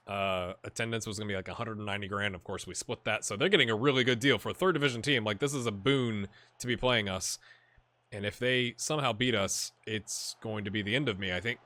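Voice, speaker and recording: A man hosting a gaming video, chatting and reacting excitedly as he plays a football management game. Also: mid-range voice. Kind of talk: live commentary while playing a football management game.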